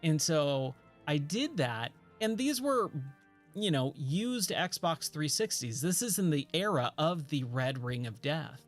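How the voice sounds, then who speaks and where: A man's voice: a little high, slow pace, faint music behind. A man in his thirties chatting casually while gaming, rambling through a story with lots of fillers. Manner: rambling, relaxed, lots of "like" and "you know". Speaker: gaming streamer.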